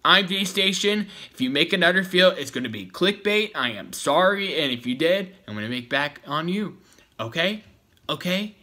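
A man's voice: fairly high pitch, expressive, moderate pace, sharp tone. A man giving a rambling, repetitive, confrontational rant to the camera in a vlog. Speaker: YouTuber. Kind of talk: ranting vlog commentary.

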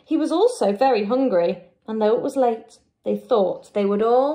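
A teacher reading a picture book aloud to young children, with an expressive, drawn-out delivery. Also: female voice, a little high. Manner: expressive, drawn-out, lively character voices.

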